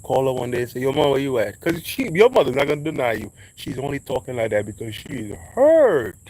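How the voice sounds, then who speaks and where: A man, talking in a casual monologue, preachy and emphatic, dropping into low asides. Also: big pitch swings, a little fast, darkish tone, low-quality recording. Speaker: vlogger giving advice.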